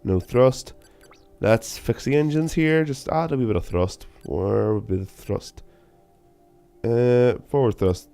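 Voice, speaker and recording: A young man giving casual, self-mocking game commentary, with sudden loud bursts of excitement. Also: medium pitch, takes it slowly, creaky, smooth, faint music behind. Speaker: gaming channel host.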